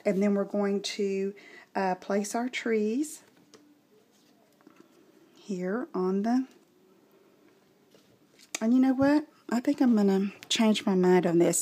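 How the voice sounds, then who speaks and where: A woman's voice: mid-range voice, takes it slowly, long pauses, dark tone. A woman from Southeast Texas with a Southern accent, chatting casually through a card-making tutorial and thinking aloud as she works. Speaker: craft tutorial host. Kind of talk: casual craft demonstration.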